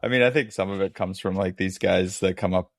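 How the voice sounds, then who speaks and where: A man hosting a hunting podcast, steering the talk in a relaxed, swearing casual manner. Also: sits low, brisk, creaky, no room sound, clean studio sound. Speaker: podcast host. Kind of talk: casual chat.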